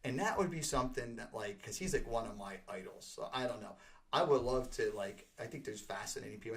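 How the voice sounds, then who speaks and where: A man in his forties hosting a casual chat, talking in a rambling, profane way. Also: lowish voice. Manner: rambling, profane, fan enthusiasm. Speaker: host.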